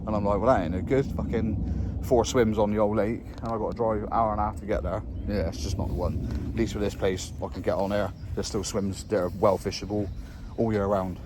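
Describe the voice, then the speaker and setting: A man's voice: fairly low pitch, level tone, brisk, noisy background. Sweary rambling man outdoors. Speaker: carp angler vlogger. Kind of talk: casual rambling chat. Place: outdoors by a lake. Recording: outdoor ambience, passing trains.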